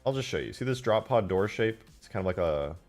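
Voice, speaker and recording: A man talks through his game modding on a live stream in a lowish voice. He is excitable and swears freely. His pitch leaps around a lot, from mumbles up to sudden yells. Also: a little fast, soft background music. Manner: excitable, swears a lot, flares into loud outbursts. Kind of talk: casual live-stream commentary.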